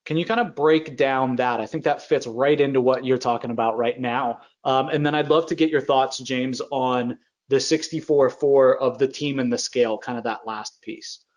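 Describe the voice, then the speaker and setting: A man's voice: mid-range voice, fairly even intonation, moderate pace, hardly any pauses. A man hosting a podcast interview, agreeing with his guest, summing up points and asking follow-up questions. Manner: agreeable, summarizing and prompting questions. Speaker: podcast host.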